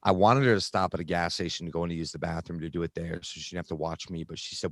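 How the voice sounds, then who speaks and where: A man earnestly telling a personal recovery story in conversation, halting, with many restarts and fillers. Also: low-pitched, steady tone, no room sound, clean studio sound. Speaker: guest sharing recovery story.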